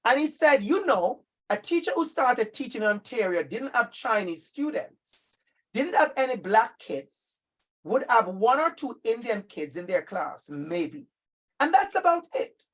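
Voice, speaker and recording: A middle-aged man with a Jamaican accent leads a training session for teachers. His delivery is emphatic and animated, and he often calls on listeners by name as he speaks. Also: very high voice, unhurried. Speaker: workshop presenter for teachers. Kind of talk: lively professional-development talk.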